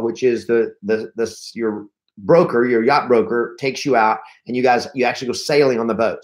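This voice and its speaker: Man, mid-range voice, live-stream coach, energetic, storytelling, repeats words. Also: medium pitch. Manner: energetic, storytelling, acts out panicked reactions; restarts and repeats words often. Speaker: real estate trainer.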